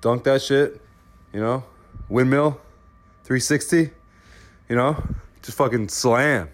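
A man's voice: medium pitch, slow. A man in a casual voice memo, laid-back and profane, getting hyped about playing basketball.

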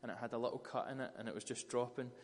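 A man's voice: mid-range voice, racing. Man preaching in a reverberant hall. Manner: storytelling, animated retellings of scripture. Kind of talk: sermon.

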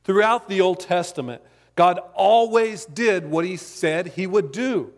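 A man's voice: high voice, measured pace. A man preaching a sermon in a church sanctuary, talking conversationally with jokes and asides. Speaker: pastor. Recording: long reverb of a large hall.

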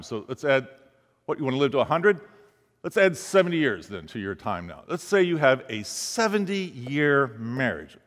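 A man's voice: mid-range voice, very animated, moderate pace, fairly bright tone. A man preaching a sermon as a pastor, telling a story and acting out the voices of the people in it. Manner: storytelling, acts out quoted speech. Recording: long hall reverb.

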